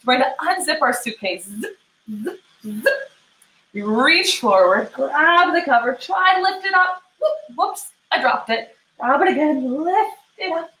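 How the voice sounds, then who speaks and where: High-voiced woman leading kids' yoga. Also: lively intonation, moderate pace. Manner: gentle, playful step-by-step coaching for young children. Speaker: kids yoga instructor. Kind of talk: guided children's yoga class. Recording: roomy echo.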